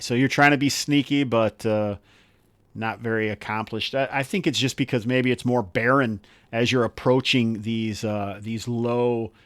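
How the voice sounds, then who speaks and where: A man running a tabletop game as game master, talking in a relaxed, rambling way with many fillers. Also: lowish voice, no room sound.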